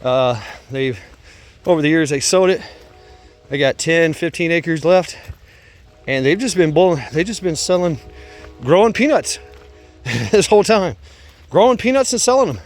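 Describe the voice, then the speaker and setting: A man's voice: on the high side, lively intonation, moderate pace, soft background music. A man telling a casual story, rambling and swearing, with lots of fillers, restarts and frequent laughs. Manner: laughs often while telling.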